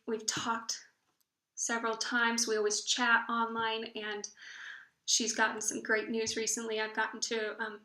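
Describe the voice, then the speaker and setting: A woman's voice: on the high side, sharp tone. Gushing woman book blogger, echoey room. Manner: chatty, gushing storyteller who stumbles and restarts often. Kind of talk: casual vlog chat.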